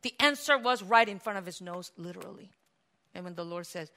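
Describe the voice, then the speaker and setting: A woman preaching a sermon, telling a story with acted cries and shifts between loud calls and hushed passages. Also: on the low side, fairly even intonation, brisk, creaky.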